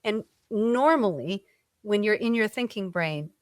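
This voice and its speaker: A woman hosting a podcast interview, talking in an animated, expressive way with casual filler words. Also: mid-range voice, unhurried, no room sound, clean studio sound. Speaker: podcast host. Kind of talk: conversational interview.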